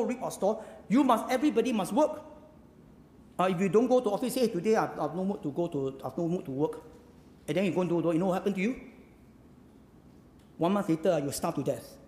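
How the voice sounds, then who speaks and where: A preacher delivers a sermon in a large, echoing hall where the voice rings on in a long reverb. The delivery is emphatic, full of rhetorical questions, swinging from loud and urgent to hushed and low at a middling pitch.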